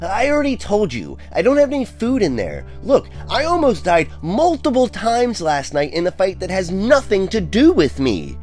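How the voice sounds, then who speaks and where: A man voicing a nervous young man who talks in an anxious, squeaky voice in an audiobook. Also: wildly swooping pitch, moderate pace, hardly any pauses, a little mellow, soft background music.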